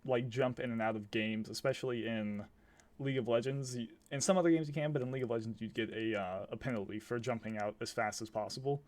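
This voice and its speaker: A young man chats on a podcast, explaining his ideas with lively energy and breaking into laughs. His pitch sits in an ordinary middle range. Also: fast talker. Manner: animated, laughs while explaining. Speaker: podcast co-host. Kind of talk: casual chat.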